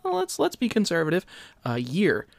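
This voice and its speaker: A man's voice: high-pitched, huge pitch swings, moderate pace, creaky, dry recording. A man co-hosting a podcast in casual chat, with wry, joking asides. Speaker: podcast co-host.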